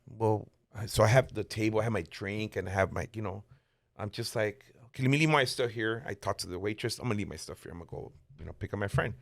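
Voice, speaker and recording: A man's voice: lowish voice, fast talker, creaky, no echo, clean studio sound. A man casually telling a story on a podcast, acting out the quoted lines with sudden jumps in his voice. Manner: animated, acts out quotes in raised voice. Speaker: podcast guest.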